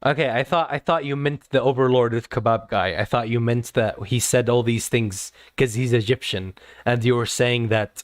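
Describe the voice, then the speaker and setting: A man's voice: mid-range voice, steady tone, moderate pace, few pauses, dry recording. A man streaming live, talking to his chat in an earnest, lecturing way and often repeating himself. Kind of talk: casual livestream talk to chat.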